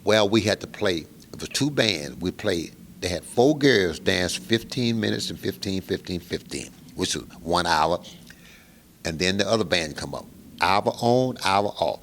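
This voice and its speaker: Older male musician guest, very low and gravelly voice, lively storyteller. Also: unhurried, a little hiss or hum. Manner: animated storyteller who acts out the other people's lines. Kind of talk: storytelling interview.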